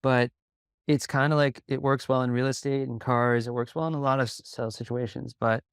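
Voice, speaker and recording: A man who coaches in sales, a guest on a podcast, talking calmly and steadily as he tells stories. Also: mid-range voice, clear, resonant tone, no echo, studio quality. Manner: calm, even delivery with quick bursts of storytelling. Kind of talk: conversational interview.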